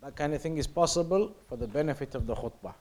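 A teacher of Islamic law reads passages and explains them in English, speaking fast with lively intonation in a slightly high, darkish voice. He repeats his points often and sometimes drops to a near-whisper to demonstrate how something is said.

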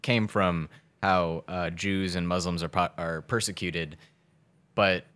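A young man with a fairly low voice rambles through his points in relaxed chat, swearing casually and often restarting his sentences. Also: slow pace, smooth.

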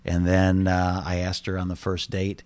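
A man in his fifties, a pastor, telling lively family stories with jokes in a casual interview. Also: low voice, normal speed. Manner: animated storyteller, jokes.

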